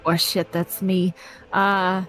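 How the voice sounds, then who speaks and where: A woman's voice: lowish voice, level tone, slow, fairly bright tone, faint music behind. A woman playing a tabletop game, chatty and self-deprecating. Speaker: player.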